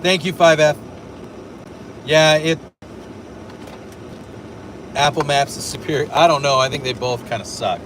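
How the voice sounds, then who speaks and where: A man's voice: fairly high pitch, a little slow, long pauses. A man hosting a casual livestream from a car on a road trip, chatting and moderating his chat. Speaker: streamer host. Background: car noise.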